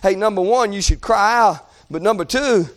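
A man preaching a sermon, impassioned, often shouting and crying out between conversational asides. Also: high-pitched, moderate pace.

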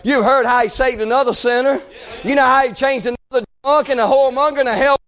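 A male preacher, delivering a rhythmic sermon that swings between shouted pleas and half-sung lines. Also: very high voice, fairly even intonation, fast talker.

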